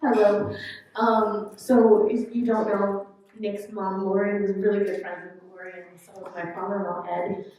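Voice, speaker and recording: A woman's voice: medium pitch, little pitch movement, measured pace, darkish tone. A woman giving a fond, chatty memorial tribute. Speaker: eulogy speaker. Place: country club function room. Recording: echoey room, distant mic.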